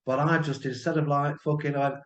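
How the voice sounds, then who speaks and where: A man's voice: a little high, little pitch movement, fairly quick, fairly bright tone, a little hiss or hum. A man from Lincoln, a panel member telling a blunt, sweary story in casual chat. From Lincoln, England. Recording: roomy, dull lo-fi sound.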